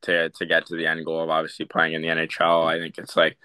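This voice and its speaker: A man's voice: extremely low pitch, completely flat delivery, quick pace, pushed and bright, clear, resonant tone, no echo. A young man, a hockey prospect, answering interview questions casually, with many fillers and restarts. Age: young adult.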